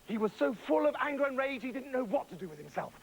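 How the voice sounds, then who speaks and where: Manic, excitable male storyteller. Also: very high-pitched, quick pace, creaky, slightly rough, rough recording. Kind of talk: comic storytelling.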